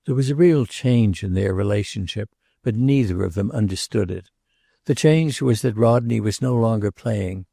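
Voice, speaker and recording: A man reading a novel aloud as an audiobook narrator, in a measured, unhurried way. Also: lowish voice, vocal fry, warm tone, dry recording, studio quality. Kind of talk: scripted narration.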